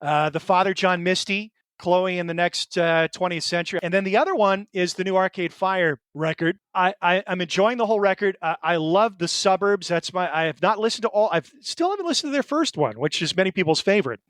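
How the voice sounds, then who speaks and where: A man's voice: sits high, fairly quick, few pauses, a bit bright, clean tone, dry recording, clean studio sound. A middle-aged man co-hosting a podcast in casual chat, earnest and emotional, hesitating with fillers and restarts. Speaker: podcast co-host.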